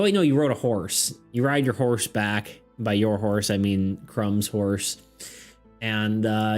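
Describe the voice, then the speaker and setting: A man of middling pitch runs a streamed tabletop game in loose, rambling narration, laughing and stalling with ums and uhs as he goes. Soft music sits faintly behind his voice. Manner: rambling, laughs often, many fillers.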